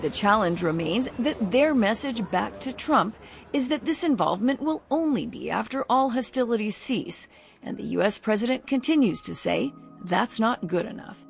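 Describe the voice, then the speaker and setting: Gravelly woman filing a news report. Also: a little high, expressive, faint music behind. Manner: measured report delivery.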